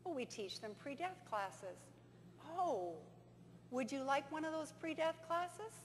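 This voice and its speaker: A woman giving a conference talk, telling stories and acting out dialogue in an animated way. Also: high-pitched, measured pace. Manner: animated storyteller, acts out dialogue. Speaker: conference presenter. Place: conference hall. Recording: reverberant hall with faint hum.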